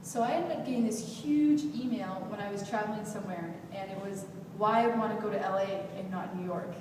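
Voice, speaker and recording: A woman's voice: medium pitch, brisk, distant mic, noisy background. Young woman storyteller in an echoey hall. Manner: animated, acts out quoted dialogue. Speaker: youth event speaker. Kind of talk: personal storytelling talk. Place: event hall.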